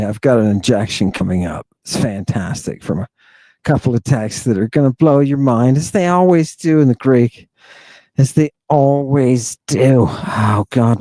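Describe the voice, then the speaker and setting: A man hosting a livestream, talking in an excitable, jokey way with frequent exclamations. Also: fairly high pitch, no echo. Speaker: host. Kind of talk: livestream commentary.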